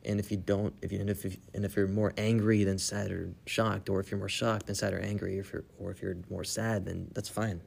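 A man's voice: on the low side, level tone, a little fast, vocal fry, hardly any pauses, a little mellow, husky. A young man in a casual chat, earnest, repeating himself and restarting as he talks. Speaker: guest.

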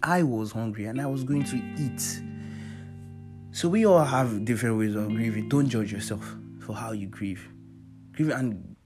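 A man's voice: mid-range voice, a little slow. A young man with a Nigerian accent giving personal advice in a casual, heartfelt monologue, earnest and emphatic, repeating phrases for stress. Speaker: vlogger sharing personal advice. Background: soft guitar music.

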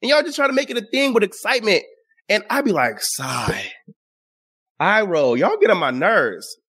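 High, animated man hosting a commentary show. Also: fairly quick, slightly rough. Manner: sarcastic, exasperated, talks straight to the audience. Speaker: show host. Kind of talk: casual opinion commentary.

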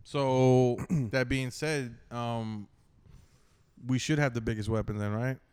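A man's voice: medium pitch, fairly even intonation, slow pace, a little mellow, clear, resonant tone. A man chatting as a podcast guest, loose and slangy, tossing in "bro" and curse words. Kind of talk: casual chat.

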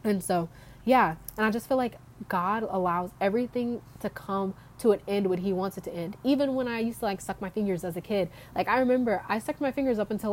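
A woman's voice: mid-range voice, a little mellow, slight background noise. A young woman telling a casual faith testimony outdoors, chatty, with lots of "like" fillers and small laughs. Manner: chatty, frequent "like" fillers, laughs between thoughts. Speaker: faith vlogger.

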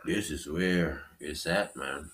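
A man with a New York accent hosting a casual podcast chat. He laughs often, swears freely and retells stories in an animated way. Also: rumbling low, takes it slowly, breathy edge. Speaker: podcast host.

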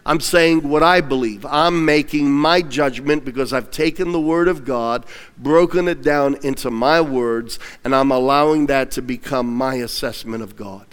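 A man preaching a sermon with emphatic call-and-response, swinging between loud and hushed delivery. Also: medium pitch, normal speed, clear, resonant tone, long reverb tail.

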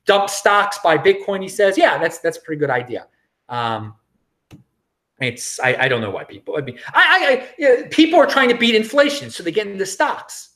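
A man's voice: sits high, very animated, normal speed, fairly bright tone. A man hosting his own cryptocurrency show, talking in a sarcastic, rambling way with frequent restarts and chuckles. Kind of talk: casual livestream commentary.

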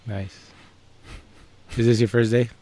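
A man's voice: mid-range voice, level tone, slow pace, warm tone. A man co-hosting a podcast from San Antonio, chatting casually and teasing his partner. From San Antonio, Texas. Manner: easygoing, teasing. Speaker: podcast co-host.

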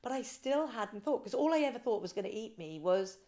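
A woman guest on a podcast, telling her swim story with animated quoted voices. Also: on the high side, a little fast. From Britain. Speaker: guest, ice swimmer. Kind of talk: casual interview storytelling.

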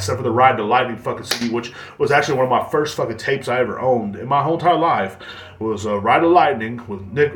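A man's voice: medium pitch, fairly bright tone. A man in his thirties hosting a podcast, rambling in casual chat and swearing a lot. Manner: rambling and heavily profane. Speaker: podcast host. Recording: roomy echo.

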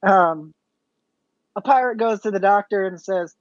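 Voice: mid-range voice, unhurried, no echo. A co-host in a loose podcast chat, blunt and playful, throwing out casual swears in banter. The sound is a little dull and lo-fi, and dry with no room around it.

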